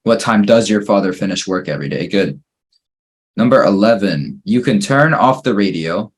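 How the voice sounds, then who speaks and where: A man leads an English grammar class, working through the sentences one by one. His voice sits low and sounds a little husky. He keeps a calm, patient teaching manner. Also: moderate pace. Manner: patient, steady drilling through exercises, praising each answer. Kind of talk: online grammar lesson.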